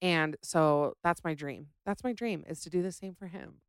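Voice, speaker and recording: A woman's voice: low voice, moderate pace, hardly any pauses, clean tone, dry recording, clean studio sound. A young adult woman hosting a podcast, chatting casually and ranting with sass about listener stories. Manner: sassy, animated, ranting. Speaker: podcast host.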